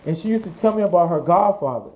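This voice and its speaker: A man from New York telling his life story as an interview guest, animated, swearing freely and acting out what others said. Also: sits high, fast talker. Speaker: interview guest, fashion designer. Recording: dull lo-fi audio.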